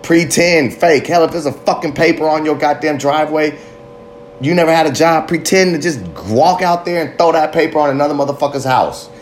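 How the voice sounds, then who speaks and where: A man's voice: a little high, steady tone, a little fast, a little hiss or hum. A man giving a fiery, profanity-laced motivational monologue about addiction and recovery. He rambles, goes off on tangents and speaks with raw passion.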